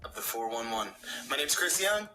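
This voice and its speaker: A man hosts a casual talk show with a very bright, crisp tone. He keeps things upbeat, dropping ums as he moves the chat along. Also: medium pitch, sing-song, moderate pace, faint music behind, low-quality recording. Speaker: podcast host.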